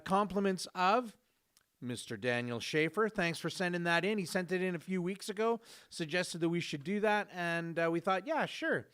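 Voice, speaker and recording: A man in his forties hosts a casual podcast in a relaxed, joking way. His voice is smooth and resonant and sits a little high for a man. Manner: jokey, easygoing, with fillers. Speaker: podcast host.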